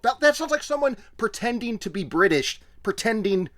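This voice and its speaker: A man co-hosting a podcast in casual chat, animated and quick to laugh as he retells events. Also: high voice. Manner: animated, laughing, mimics quotes. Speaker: podcast co-host.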